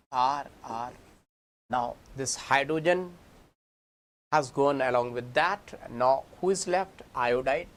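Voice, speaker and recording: A man with an Indian English accent teaching chemistry in an exam-prep lecture, speaking to students as kids and acting out the molecules. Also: medium pitch. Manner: animated, addresses students as kids, acts out molecules.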